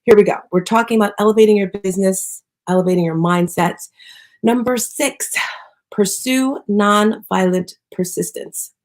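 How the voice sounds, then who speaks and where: A woman's voice: mid-range voice, normal speed. A woman hosting a live audio chat room, upbeat and chatty, speaking affectionately to the people in the room. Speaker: host.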